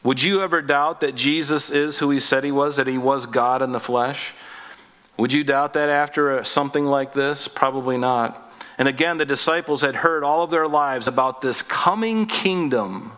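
A man preaching a conversational sermon as pastor, folksy and jokey, calling his listeners folks and guys, and climbing higher and louder on his emphatic points. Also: moderate pace.

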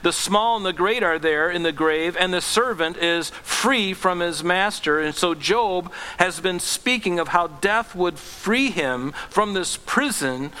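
A man preaching from the pulpit with a bright, forceful voice pitched a little high. He pleads with rising intensity, then sinks to a soft, gentle hush. His voice rings out with the long reverb of a church hall. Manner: earnest, rises to impassioned pleading then drops low and gentle. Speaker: pastor. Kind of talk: sermon.

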